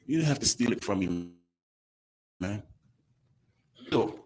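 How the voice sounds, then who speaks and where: A man, crying as he gives an emotional, halting victim statement at a courtroom podium microphone. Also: lowish voice, animated, a little mellow. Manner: emotional, halting, breaks off mid-sentence.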